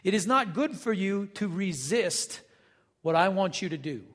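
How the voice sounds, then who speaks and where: Pastor, man, high voice, relaxed folksy sermon delivery, big hall reverb. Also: a little slow. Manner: conversational, folksy asides, acts out quotes.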